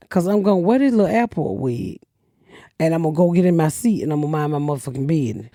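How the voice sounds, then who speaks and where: A middle-aged woman hosting a comedy podcast, telling stories bluntly with lots of cursing and loud acted-out quotes. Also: deep voice, animated, fast, no room sound, studio quality. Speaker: podcast host. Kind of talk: casual comedic chat.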